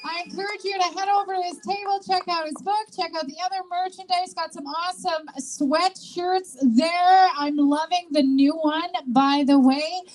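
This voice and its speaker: A woman with a very high voice emcees a rally, upbeat and loud. She urges the crowd on and leads them in call-and-response chants. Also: steady tone, moderate pace, few pauses, slight background noise, low-quality recording.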